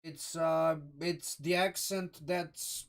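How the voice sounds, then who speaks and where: A man from Croatia with a Croatian accent, chatting casually and excitably on a live stream, rambling and swearing freely. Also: fairly high pitch, slow, smooth, far from the mic. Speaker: live streamer reviewing a game sourcebook.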